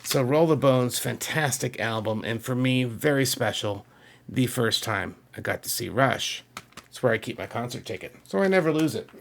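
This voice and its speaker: A man's voice: medium pitch, animated, moderate pace, vocal fry, a little hiss or hum. A middle-aged man from Massachusetts chatting to camera about his music collection, enthusiastic and rambling, with frequent asides to viewers. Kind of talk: casual chat to camera.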